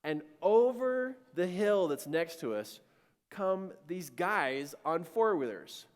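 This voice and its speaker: A man giving an animated storytelling sermon to a live audience and acting out the voices in his story. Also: high-pitched, slow. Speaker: speaker. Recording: long-reverb hall.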